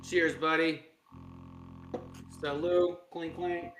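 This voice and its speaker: A man's voice: fairly high pitch, level tone, drawn-out words, fairly bright tone, faint music behind. A man co-hosting a sports podcast, ranting sarcastically in casual banter. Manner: sarcastic, mocking, does exaggerated voices. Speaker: podcast co-host. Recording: roomy with faint background noise.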